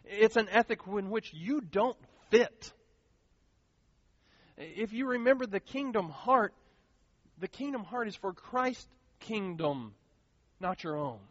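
A man preaching a sermon as pastor, earnest and animated, repeating key phrases for emphasis. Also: high voice, no room sound. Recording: dull lo-fi sound, dry.

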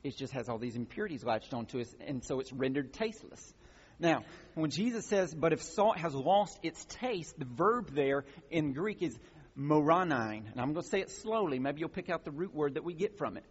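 A pastor delivers an expressive, moderately paced sermon in a fairly high, husky voice, first teaching the passage and then rising into emphatic exhortation. The audio is muffled and carries the long reverb of a large hall.

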